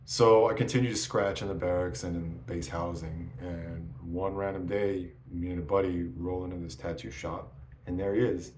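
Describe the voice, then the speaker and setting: A man's voice: low-pitched, steady tone, moderate pace, a little mellow. A man in his forties telling stories in a casual interview, swearing often and restarting his sentences. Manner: profane, rambling, restarts often. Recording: echoey room with faint noise.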